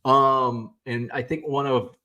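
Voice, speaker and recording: A man in his thirties with an everyday mid-pitched voice talks loosely to his livestream audience, full of ums and restarts. He sounds a little tired and drifts from thought to thought. His delivery is casual and unscripted. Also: takes it slowly, muffled recording. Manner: relaxed, rambling, many fillers and restarts. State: yawning, tired. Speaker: card-collecting livestream host. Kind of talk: casual chat reading viewer comments.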